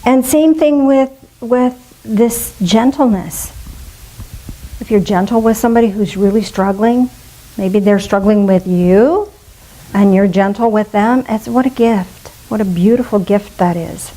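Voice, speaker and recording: A woman's voice: mid-range voice, measured pace, rough recording. Chatty woman giving a casual sermon. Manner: warm, chatty and playful, with soft gushing voices when imitating. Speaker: minister leading a spiritual fellowship.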